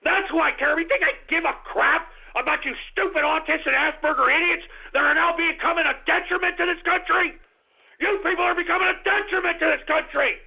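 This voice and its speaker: A male radio host delivering an abrasive, insulting, shouting rant on his talk show. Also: very high-pitched, brisk, gravelly. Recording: tinny phone-line sound.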